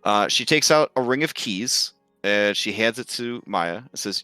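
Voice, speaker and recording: A man's voice: lowish voice, animated, measured pace, hardly any pauses, sharp tone, smooth, no room sound, faint music behind. A man narrating a tabletop game as game master, casual and swearing, with many fillers.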